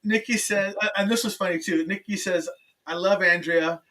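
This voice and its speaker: A man hosting a talk show, telling animated stories that act out quoted dialogue, and laughing often. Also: sits high, moderate pace, far from the mic, slight background noise, low-quality recording. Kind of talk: casual interview chat.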